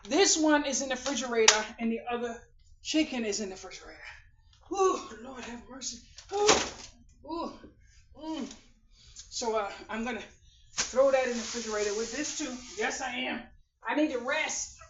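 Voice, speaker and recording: A woman's voice: on the high side, lively intonation, normal speed, pauses often. A woman vlogger chatting casually and exuberantly at home in her kitchen, humming, laughing and calling out to her viewers. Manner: exuberant, hums and laughs, folksy Southern-style talk. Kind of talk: casual grocery haul vlog. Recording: roomy, distant, dull lo-fi with noise.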